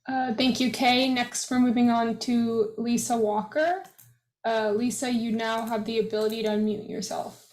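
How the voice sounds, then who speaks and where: A woman moderator calls the next speakers in a brisk, procedural way. Her voice is fairly high and monotone, and the video-call audio echoes. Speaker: hearing moderator.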